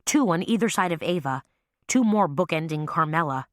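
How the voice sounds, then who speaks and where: Woman reading an audiobook, lowish voice, dry sound, lively telling. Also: normal speed, no room sound. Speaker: audiobook narrator. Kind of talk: scripted narration.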